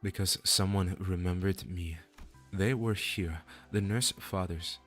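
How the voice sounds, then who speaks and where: A man voicing a despairing captive trapped in a web of fate, reading game dialogue in a slow, solemn, weary way. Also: deep voice, a bit bright, faint music behind.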